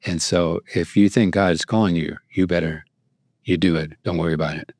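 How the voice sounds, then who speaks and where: Low-voiced priest telling a rambling story. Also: male voice, fairly even intonation, normal speed, darkish tone, no echo. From United States. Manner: rambling and anecdotal with frequent fillers and restarts. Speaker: priest and guest speaker. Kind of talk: storytelling talk at a luncheon.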